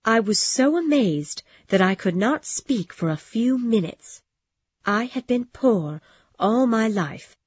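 Slow husky woman reading a story. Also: on the high side, no room sound. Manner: calm, measured reading. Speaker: audiobook narrator. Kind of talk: scripted storybook narration. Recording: dull dry lo-fi recording.

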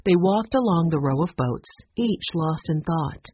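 A woman reads a storybook aloud with a lively, expressive delivery. Her voice sits fairly low and sounds a little husky. The recording is muffled and lo-fi. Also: unhurried, no echo. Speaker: narrator.

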